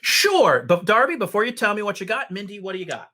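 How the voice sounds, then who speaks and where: Bright, lively, slow-talking man game master. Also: sits high. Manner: unhurried, lively storytelling with many fillers. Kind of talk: narrating a tabletop game.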